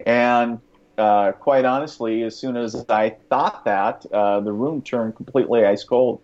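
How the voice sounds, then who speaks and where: A man with a mid-pitched voice tells a personal story in a loose, rambling way, full of fillers and quick chuckles. The sound is dull and lo-fi. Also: a little mellow. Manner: rambling, many fillers and restarts, chuckles often. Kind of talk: casual spoken storytelling.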